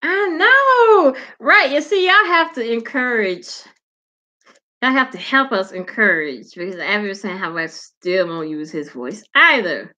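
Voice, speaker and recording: A woman, hosting a show and chatting casually, animated and swearing freely. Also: on the high side, measured pace, highs cut off. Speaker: podcast host. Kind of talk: casual chat.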